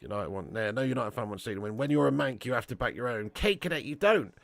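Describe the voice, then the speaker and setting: A man hosting a live football watch-along, giving commentary and reading out chat in an excitable, slangy way with indignant outbursts. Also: medium pitch, fast talker, gravelly, no room sound. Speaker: match watch-along host.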